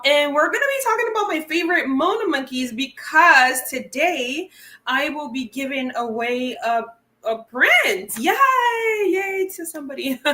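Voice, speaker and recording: Woman host, casual livestream chat, bright higher voice, filler-heavy; echoey home room. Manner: chatty, laughs often, many fillers. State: teary burning eye. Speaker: wildlife channel host.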